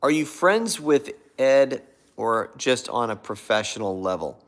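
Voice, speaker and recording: A man's voice: medium pitch, very animated, measured pace. A man hosting a casual livestream, rambling and losing his train of thought while he reads out viewer comments and thanks them. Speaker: livestream host.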